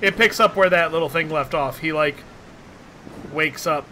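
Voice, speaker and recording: Excitable bright-voiced man gaming. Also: on the high side, normal speed, a little hiss or hum. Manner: excitable, jokey, yelps at scares. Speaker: gaming channel host. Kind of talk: casual co-op gameplay commentary.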